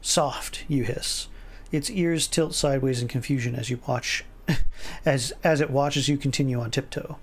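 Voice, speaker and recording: A man's voice: mid-range voice, steady tone, moderate pace, husky. A man streaming himself reading an interactive fiction game aloud, often stumbling and rereading words, with asides of his own. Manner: stumbles and rereads words, chuckles, puts on voices for lines.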